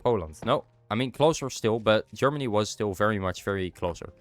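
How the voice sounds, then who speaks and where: A young man from the Netherlands chats loosely with his stream chat while he plays. His voice sits very low, and a cold has left his nose stuffed. Faint music plays underneath. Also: animated, fairly quick. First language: Dutch. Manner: chatty, answers chat while playing. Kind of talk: casual chat while gaming.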